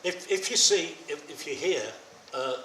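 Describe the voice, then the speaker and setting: A man's voice: a little high, unhurried, pushed and bright, recorded from a distance. Older man, Q&A host, chatty anecdotes, very echoey hall, faint hum. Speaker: host taking audience questions. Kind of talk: audience Q&A after a film screening. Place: screening hall.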